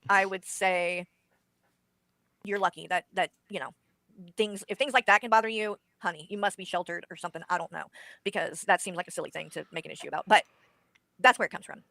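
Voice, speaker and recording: American woman streamer, blunt, dismissive, cursing, bright sharp voice, dry sound. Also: lowish voice, fairly even intonation, a little fast, vocal fry, no echo. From United States. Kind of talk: casual stream talk.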